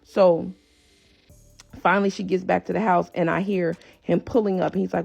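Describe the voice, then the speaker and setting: Woman storyteller, emotional and direct, gravelly voice over faint music on dull lo-fi audio. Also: lowish voice, level tone, normal speed, darkish tone. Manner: urgent, emotional, addressing viewers directly.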